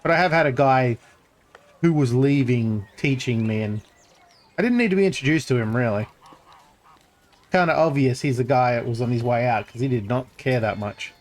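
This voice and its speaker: A man's voice: mid-range voice, moderate pace. A male streamer giving casual commentary while playing a game, with joking, sarcastic asides.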